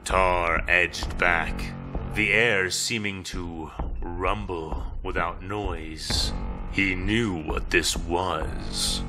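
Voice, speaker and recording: Low, slow dramatic male storyteller. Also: steady tone. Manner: dramatic, measured reading. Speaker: narrator. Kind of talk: scripted story narration. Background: background music.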